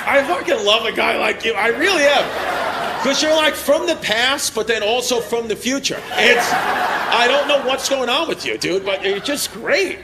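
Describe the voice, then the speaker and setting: Brash high-voiced man doing crowd work. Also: animated, a little slow. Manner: brash, crude, laughing teasing of audience members. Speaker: stand-up comedian. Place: comedy club stage before a live audience. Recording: live club recording with crowd laughter and noise.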